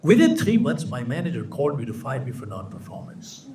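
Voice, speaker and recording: An older man giving an animated motivational keynote to an audience, acting out the people in his stories. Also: mid-range voice, fairly quick, recorded from a distance, noisy background. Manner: animated, addresses audience as folks, acts out quoted people. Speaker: motivational speaker. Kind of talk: keynote speech with storytelling. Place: large auditorium with audience.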